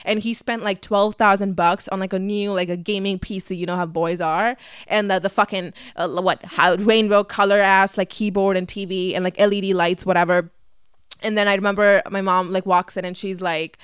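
A young woman whose first language is Tamil tells a story casually on her podcast. She swears freely and says "like" constantly. Her voice is smooth and crisp, recorded dry and close. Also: mid-range voice, fairly even intonation, moderate pace, dry recording. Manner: chatty and profane, heavy use of "like". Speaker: podcast host.

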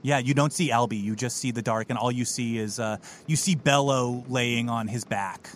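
A man narrating as game master of a comedic tabletop game, playful and quick to laugh. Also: medium pitch, a little hiss or hum.

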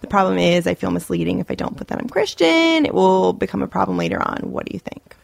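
A woman co-hosting a podcast in quick, clipped casual chat. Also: medium pitch, sing-song, creaky, no room sound. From Long Island. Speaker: podcast co-host.

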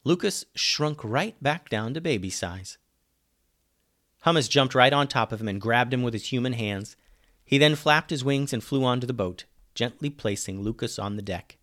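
A man reading a children's pirate adventure story aloud, lively and dropping low on the speech tags. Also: moderate pace.

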